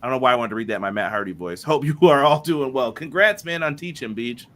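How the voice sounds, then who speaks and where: With a medium-pitched voice, this animated, fast-talking man co-hosts a wrestling podcast. He keeps the live-stream chat casual and upbeat, reading out viewer messages and shouting out people by name.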